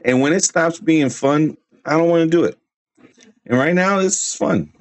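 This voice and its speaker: A man's voice: fairly high pitch, normal speed. A man ranting on his livestream in a brash, rambling, trash-talking way, full of restarts. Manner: laughs at his own jokes. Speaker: streamer. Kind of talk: casual livestream rant.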